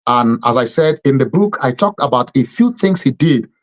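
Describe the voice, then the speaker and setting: A man's voice: mid-range voice, animated, normal speed, muffled recording. A man hosting a televised political commentary monologue, speaking emphatically and repeating phrases in lists, with frequent fillers. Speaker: TV program host.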